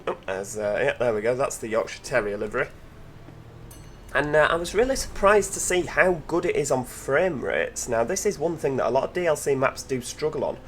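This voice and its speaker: A man commentates on a driving game in a relaxed, enthusiastic chat, tossing in rhetorical questions and asides to passengers. His pitch sits mid-range for a man. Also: brisk, a little hiss or hum. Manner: enthusiastic, chatty, full of tag questions. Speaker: gaming channel host. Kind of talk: gameplay commentary.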